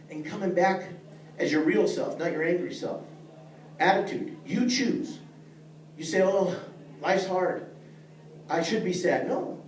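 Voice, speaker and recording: A middle-aged man whose voice sits high and has a darkish tone is teaching a leadership class. He talks earnestly and plainly, speaking directly to those present. The mic is far away in an echoey room, and faint noise is audible.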